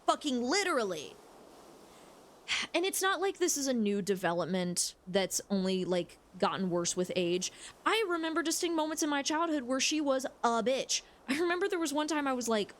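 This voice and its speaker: Young woman gaming streamer, slightly high voice, loose and frank, swears a lot, rambles casually. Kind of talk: casual chat while playing a game.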